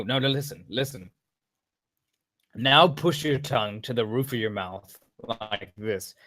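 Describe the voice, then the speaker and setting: Brief: casual male voice coach, rambling and full of restarts, mid-pitched, dry close mic. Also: a bit bright, dry recording. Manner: rambling, many restarts and asides. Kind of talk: casual voice-training tutorial.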